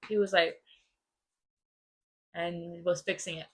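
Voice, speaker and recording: A young woman co-hosting a podcast, chatting casually and telling family stories with quick asides. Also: mid-range voice, a bit bright. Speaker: podcast co-host. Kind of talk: casual chat.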